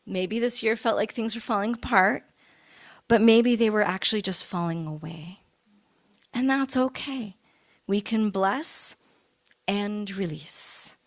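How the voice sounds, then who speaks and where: Middle-aged woman minister, lively and playful. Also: mid-range voice. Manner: conversational, expressive, with playful asides and laughter. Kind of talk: sermon.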